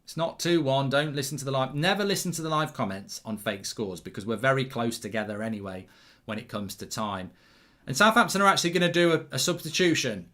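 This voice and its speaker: A man's voice: mid-range voice, animated, brisk, fairly bright tone. A middle-aged man hosting a live football watchalong, chatting loosely, reacting to the match as it happens and reading out viewer comments.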